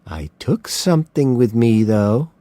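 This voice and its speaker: A man voicing a calm, smug male serial killer who speaks softly and slowly. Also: medium pitch, dry recording. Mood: menacing. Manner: soft, slow, mocking calm.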